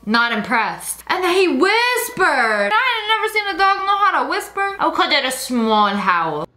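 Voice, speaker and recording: A woman hosting comedic commentary on animal videos, animated and laughing often as she voices the animals' thoughts. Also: high-pitched, normal speed, roomy sound. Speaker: host reacting to videos.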